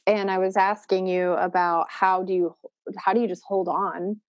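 A woman's voice: lowish voice, little pitch movement, normal speed, no room sound, highs cut off. A woman hosting, thoughtfully summarizing her guest's points and asking probing questions. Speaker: podcast host. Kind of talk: reflective interview talk.

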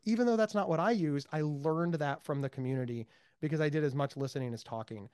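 An American man being interviewed as a mental health advocate, speaking emphatically and with high energy, repeating words for stress. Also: fast, a little mellow, no echo, clean studio sound. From United States. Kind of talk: animated interview talk.

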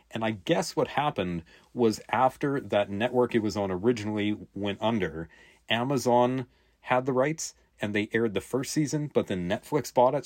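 A middle-aged man hosting a podcast, telling a rambling, animated story full of quoted dialogue. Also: on the low side, dry recording, clean studio sound. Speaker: podcast host. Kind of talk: casual storytelling chat.

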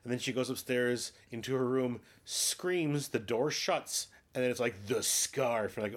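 A man's voice: medium pitch, unhurried, few pauses. Sweary rambling man chatting about a movie. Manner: rambling, sweary, acts out quotes. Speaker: podcast co-host. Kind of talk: casual movie chat.

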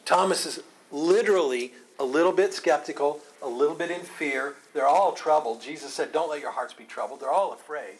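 A man's voice: on the high side, lively intonation, moderate pace, a bit bright, slight background noise. A man leading a Bible study, explaining Scripture in a conversational way and often asking rhetorical questions.

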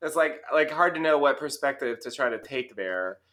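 A man's voice: medium pitch, expressive, moderate pace, pushed and bright. A man in a casual podcast discussion, hesitant and full of restarts and "like".

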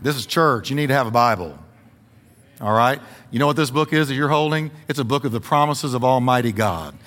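A man's voice: medium pitch, fairly quick, a bit bright, big-room sound. A man preaching a sermon as pastor, stressing points by repeating words and joking with the congregation in a church. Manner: folksy humor with the congregation. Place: church sanctuary.

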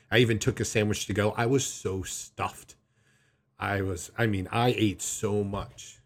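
A man telling a personal story to camera in a casual, rambling way, often restarting his sentences. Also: lowish voice. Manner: rambling, animated retelling with frequent restarts. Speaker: vlogger.

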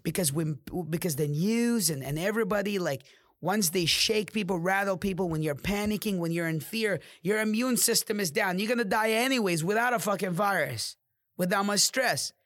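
A man's voice: moderate pace, fairly bright tone, dry recording. Male podcast host, motivational rant, heavy cursing, dead-dry close mic. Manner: profane, fired-up preaching with sudden drops to low growls. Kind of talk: motivational monologue.

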